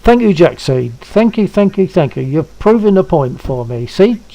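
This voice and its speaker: Coaxing older man, a bit gravelly. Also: high voice, sing-song, normal speed, warm tone, poor audio. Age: 70s. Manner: coaxing, insistent, chatty. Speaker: stream host. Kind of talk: casual chat.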